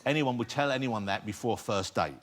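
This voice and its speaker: A man's voice: medium pitch, brisk, fairly bright tone. A man hosting a comedy talk show in a studio, joking with guests and laughing a lot. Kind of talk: playful studio chat. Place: TV studio with live audience.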